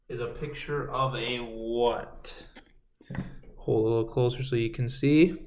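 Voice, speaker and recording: Guy teaching kindergarten phonics over video, slow sing-song voice, sounds a bit far from the mic in an echoey room. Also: mid-range voice. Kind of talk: remote phonics lesson for young children. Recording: roomy, distant home video.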